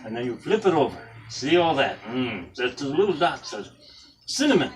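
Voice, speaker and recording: A man's voice: mid-range voice, animated, normal speed. A man casually demonstrating a breakfast recipe in his home kitchen, chatty and jokey with rambling asides. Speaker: home cook presenting a recipe. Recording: voice from a distance with music behind.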